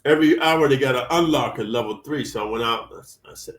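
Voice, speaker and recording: A man's voice: mid-range voice, quick pace, a bit bright, recorded from a distance. A man from California, a former inmate telling prison stories in a blunt, streetwise way, heavy with slang and swearing. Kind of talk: profane storytelling. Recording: roomy, set back from the mic.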